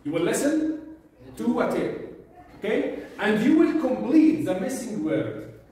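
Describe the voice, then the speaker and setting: A man teaching a vocabulary lesson, repeating each word slowly and drilling pronunciation with his class. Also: high-pitched, sing-song, warm tone. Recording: echoey room, mic far off.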